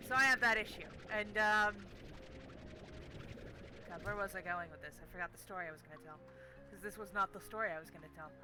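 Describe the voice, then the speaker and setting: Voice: mid-range voice, brisk, pauses often, music in the background, low-quality recording. A young adult game streamer telling a story casually while playing, swearing constantly in an exasperated rant.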